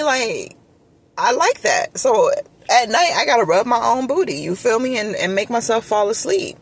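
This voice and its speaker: A woman's voice: on the high side, a little hiss or hum. A woman telling a candid personal story in a chatty vlog style, with lots of "like" and "you feel me". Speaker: vlogger telling a relationship story.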